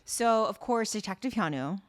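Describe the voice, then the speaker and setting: Animated woman recapping a drama. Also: mid-range voice. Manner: animated, acts out characters' lines in quick voices. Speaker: podcast co-host. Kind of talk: casual recap chat.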